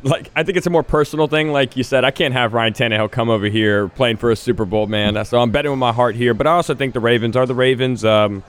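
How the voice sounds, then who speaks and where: A man co-hosting sports betting radio, giving his picks hesitantly with many pauses. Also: mid-range voice, clear, resonant tone. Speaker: co-host.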